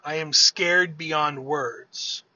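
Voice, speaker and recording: A man voicing a grave, wary male giant king in a casually told myth, speaking in a solemn, measured way. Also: on the high side, steady tone, bright, forceful tone, no echo, dull audio, full character voice.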